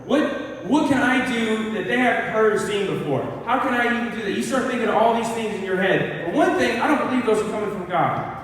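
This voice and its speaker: High-voiced man preaching in an echoey hall. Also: a little fast. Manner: earnest, animated, storytelling. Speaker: college pastor. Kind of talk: conversational sermon. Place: church hall. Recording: echoey hall, mic far off.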